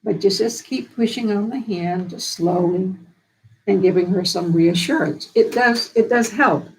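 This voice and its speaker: A woman's voice: mid-range voice, a little slow, slight background noise, low-quality recording. Folksy, earnest woman giving care advice. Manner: folksy, earnest and down-to-earth, with homespun sayings; repeats and restarts phrases while thinking aloud. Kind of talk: casual advice talk on a live stream.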